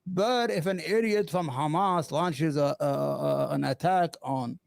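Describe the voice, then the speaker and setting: A man hosting an opinionated live commentary stream, impassioned and sarcastic, often halting on fillers and restarts. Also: on the high side, vocal fry, no room sound. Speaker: livestream host.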